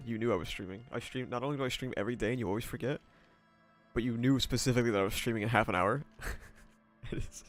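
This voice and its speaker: A man's voice: mid-range voice, fast talker. A man in his twenties with a stuffy nose, chatting casually with viewers on a livestream in a laid-back way, greeting chatters by name, laughing and swearing. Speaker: streamer. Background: video game soundtrack music.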